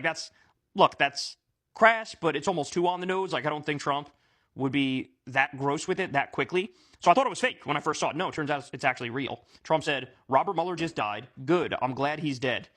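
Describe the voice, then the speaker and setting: A man's voice: fairly high pitch, a bit bright. A man giving a casual, indignant political rant, using plenty of fillers and swearing, with exasperated outbursts. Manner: profane, filler-heavy. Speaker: political commentator.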